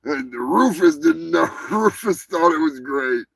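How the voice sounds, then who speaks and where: Slow, gravelly, profane stream host. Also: male voice, a little high, expressive, a bit bright, no room sound, low-quality recording. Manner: rambling, profane, laid-back. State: high. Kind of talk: casual live-stream chat.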